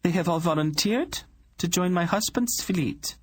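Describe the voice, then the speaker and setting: A man's voice: sits high, measured pace, pitched above the performer's own voice. A man voicing a stern young queen who gives cold, clipped royal commands. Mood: icy command.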